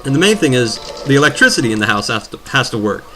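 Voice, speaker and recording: A man's voice: mid-range voice, very animated, fast talker, background noise. A man rambling and joking as he commentates his own gameplay, drifting from topic to topic. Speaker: let's play commentator. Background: video game music.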